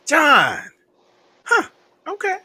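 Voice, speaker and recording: A man hosting a casual livestream chat, animated and laughing, calling out viewers' names. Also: very high-pitched, very slow. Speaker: livestream host.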